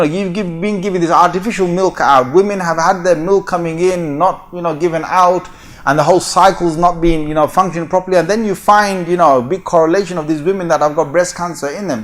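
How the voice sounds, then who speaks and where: A man delivers a religious lecture in a fairly high voice, pressing his points with emphasis. He keeps turning to his listeners with rhetorical questions and direct appeals. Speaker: Islamic lecturer.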